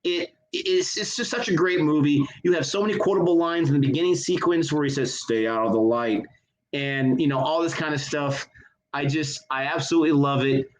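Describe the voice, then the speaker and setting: A man in his thirties talks eagerly about a favorite film in a casual review chat. His voice sits a little high, and he gushes about everything he loves. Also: fairly even intonation, a little fast, rough recording. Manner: enthusiastic, gushing. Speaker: co-host of a movie review show. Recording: connection issues on the audio.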